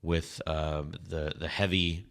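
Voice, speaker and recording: A man's voice: very deep voice, little pitch movement, a bit bright. A man co-hosting a guitar podcast in casual, rambling chat, breaking off and restarting his sentences. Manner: rambling, halting, laughs often. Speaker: podcast co-host.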